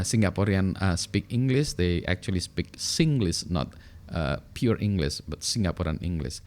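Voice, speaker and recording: A middle-aged Indonesian man talks in a relaxed vlog monologue in a fairly low voice. He laughs often and drifts back and forth between two languages while telling a joking story. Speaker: vlogger. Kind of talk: casual monologue.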